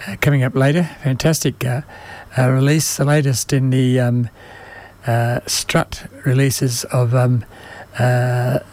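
A man hosts a music radio show in a mid-pitched voice, stopping often to search for words. His voice is fading and slightly strained, as if he is losing it. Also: level tone, darkish tone. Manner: halting, many ums and uhs. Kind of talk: unscripted radio presenting.

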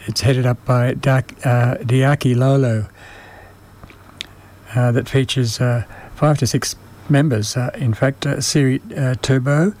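A man presenting music on the radio, speaking haltingly with many pauses and fillers, and losing his voice. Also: mid-range voice, fairly even intonation, darkish tone. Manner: halting, many ums and uhs. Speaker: radio music show host.

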